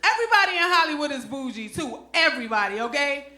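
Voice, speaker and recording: A woman's voice: high voice, big pitch swings, quick pace, sharp tone, roomy sound. A middle-aged woman from Brooklyn, doing a stand-up comedy set with punchy, slangy delivery and asides to the crowd. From Brooklyn, New York. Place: comedy club stage.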